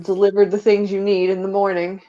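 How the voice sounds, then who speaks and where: A woman's voice: medium pitch, level tone, brisk, dark tone. A woman chatting casually on a stream, telling rambling anecdotes with frequent laughter and fillers. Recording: slightly dull lo-fi sound.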